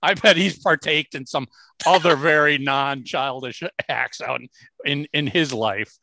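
A man's voice: on the high side, unhurried, creaky, pushed and bright, dry recording. A man hosting a casual podcast, teasing his co-hosts and often restarting his sentences. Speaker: podcast host.

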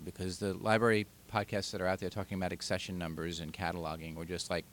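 Low-voiced man with a Long Island accent. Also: level tone, fast, hardly any pauses, fairly bright tone, a little hiss or hum. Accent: Long Island, New York. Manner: chatty storytelling with fillers, laughs easily. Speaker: podcast co-host. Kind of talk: casual podcast chat.

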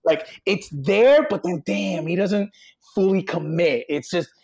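A man talking as a podcast guest in animated, rambling casual chat, swearing casually. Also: sits high, a little slow, creaky, breathy edge.

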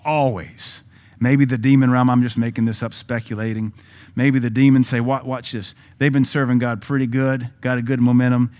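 A man's voice: mid-range voice, level tone, fairly quick, darkish tone. A man with a Southern US accent, a pastor preaching a sermon in a conversational style with joking asides.

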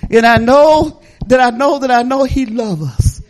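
A middle-aged woman pastor preaching a sermon in a lively, folksy way, laughing and talking back to the congregation. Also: on the high side, measured pace.

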